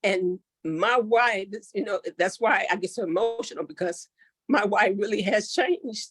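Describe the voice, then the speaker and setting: A woman's voice: medium pitch, moderate pace, breathy edge, dry recording, clean studio sound. A middle-aged woman giving an earnest, heartfelt testimonial on a call, with many fillers and restarts. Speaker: network marketing member sharing her story.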